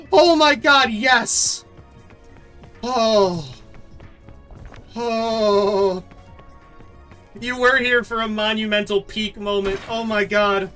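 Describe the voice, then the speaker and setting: A man streaming a game live, commenting excitedly, thanking viewers and laughing often. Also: high-pitched, clear, resonant tone.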